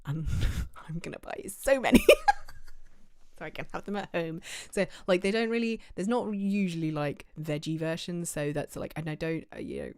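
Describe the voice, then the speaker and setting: Low-voiced English woman chatting on stream. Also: vocal fry, darkish tone, no echo, clean studio sound. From England. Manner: chatty, rambling, many fillers and restarts. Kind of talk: casual livestream chat.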